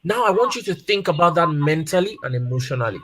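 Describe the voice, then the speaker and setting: A man in his thirties or forties, a guest speaker on family life, talks casually about it through personal stories, repeating key points for emphasis. He has a fairly high voice, lively intonation, and a fast delivery.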